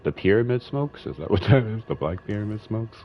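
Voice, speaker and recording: A man's voice: on the low side, expressive, brisk. A man streaming a video game, chatting casually, swearing and humming as he reads game text aloud. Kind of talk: casual gameplay commentary. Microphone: headphones and desk mic. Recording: slightly muffled stream audio with faint hiss.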